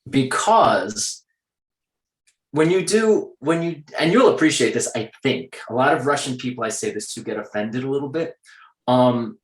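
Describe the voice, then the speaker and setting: A man talks in a relaxed interview, measured and sure of himself. His voice sits at an ordinary middle pitch. The room gives it a noticeable echo. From United States. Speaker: actor, interview guest. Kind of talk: casual interview conversation.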